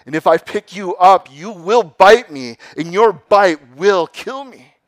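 A man doing a loud, wary young youth. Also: sits high, slow, no echo, voice pushed up. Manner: forceful, raised and indignant. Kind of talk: sermon storytelling.

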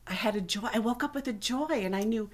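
A woman's voice: a little high, fast talker. A middle-aged woman telling her personal testimony to a church congregation in an earnest, conversational way. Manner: earnest, conversational storytelling that acts out quoted voices. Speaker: church member giving a testimony.

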